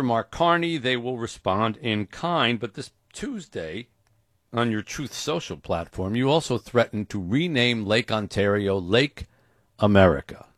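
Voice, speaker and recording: A man hosting a comedy interview, asking brisk mock-serious questions. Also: mid-range voice, a bit bright, dry recording, clean studio sound. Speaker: radio host.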